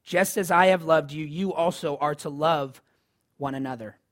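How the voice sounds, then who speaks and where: Man, pastor, sermon, conversational, emphatic rises, slightly higher voice. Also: moderate pace, fairly bright tone.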